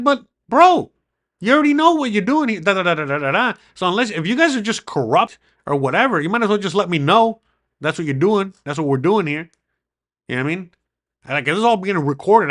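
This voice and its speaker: Bright-voiced excitable man telling a story. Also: on the high side. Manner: excitable, swearing, acts out the quoted dialogue. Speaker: vlogger. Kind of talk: casual storytelling to camera.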